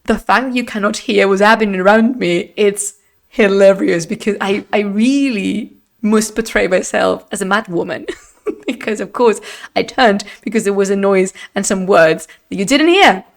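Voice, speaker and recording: Streamer, woman, mid-pitched, expressive and chatty, laughs a lot. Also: normal speed, creaky. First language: Spanish. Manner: chatty and expressive, laughs often, slips into Spanish phrases. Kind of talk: casual live-stream chat. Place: at home, streaming on camera. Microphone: desk microphone.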